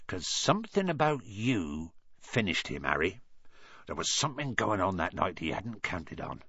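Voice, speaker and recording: A man voicing a huge, gruff but kindly half-giant gamekeeper with rustic speech in an audiobook. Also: low-pitched, big pitch swings, moderate pace, pushed and bright, dry recording, pitched below the performer's own voice, heavily acted. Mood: warm, confiding. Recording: dull dry recording.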